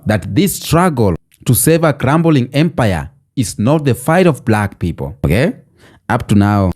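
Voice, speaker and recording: A man's voice: mid-range voice, mellow. A man hosting a casual video commentary, talking conversationally and often adding "okay?" as a tag. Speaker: YouTube commentary host.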